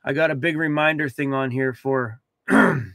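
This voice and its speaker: Young male vlogger, upbeat and talkative, fairly high pitch, dry close recording. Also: normal speed, gravelly, no echo. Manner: chatty, animated, talks to his dog. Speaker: van life vlogger. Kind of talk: casual livestream chat. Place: inside a cargo van.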